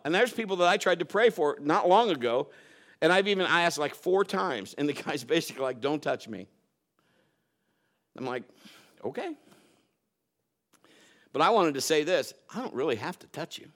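A man preaching a sermon, telling stories and swinging between loud emphatic bursts and quiet low asides. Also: animated, a little fast.

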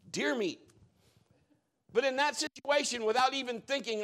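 Middle-aged male pastor, higher-pitched voice, emphatic sermon delivery with loud declarations and quiet asides. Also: expressive, normal speed.

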